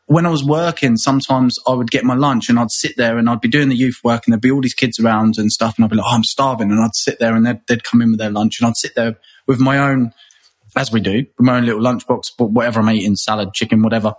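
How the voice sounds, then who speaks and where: A man from England talks as an interview guest, his voice a little husky and breathy. He rambles, restarts and repeats words as his thoughts come together. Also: mid-range voice, steady tone, quick pace. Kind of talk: conversational interview.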